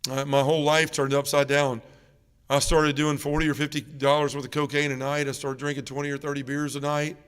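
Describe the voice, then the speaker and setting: A man's voice: fairly high pitch, little pitch movement, a little fast, clean tone. Man giving an emotional testimony in a church. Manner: emotional storytelling, rising loud when reliving arguments. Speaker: parish mission speaker. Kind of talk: personal testimony talk. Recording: echoey church with long reverb.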